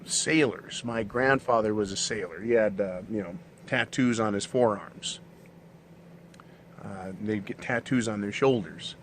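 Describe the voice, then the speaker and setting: A man's voice: lowish voice, measured pace, slight background noise. A middle-aged man talking in a casual monologue, blunt and profane, ranting with mocking asides. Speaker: channel host.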